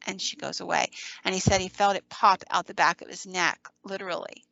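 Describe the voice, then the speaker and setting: A woman hosting a podcast, retelling a story with quoted dialogue, pausing with ums and restarting sentences. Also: lowish voice, steady tone, vocal fry, a bit bright, dry recording, highs cut off. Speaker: podcast host. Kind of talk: casual storytelling.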